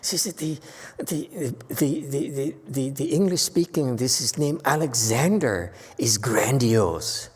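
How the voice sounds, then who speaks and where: A man's voice: mid-range voice, expressive, takes it slowly, a little mellow, husky. A man teaching as a Buddhist master in a Dharma lecture, teasing and blunt with his listeners and laughing often. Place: temple lecture hall. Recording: long hall reverb.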